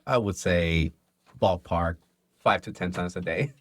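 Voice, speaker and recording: Restaurant owner, man with a lowish voice, animated storyteller, dry close sound. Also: unhurried, slightly rough, no echo. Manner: animated storyteller acting out dialogue. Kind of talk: casual interview chat.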